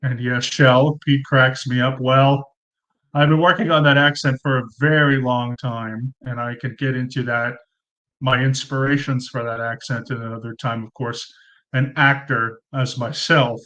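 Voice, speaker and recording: A man's voice: mid-range voice, little pitch movement, unhurried, bright, forceful tone, low-quality recording. A man in his thirties hosting a casual live Q&A at home on a cheap desk mic, chatty and rambling with lots of ums and uhs. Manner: chatty, rambling, many ums and uhs, thanks viewers by name. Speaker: livestream host. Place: room at home under fluorescent lights.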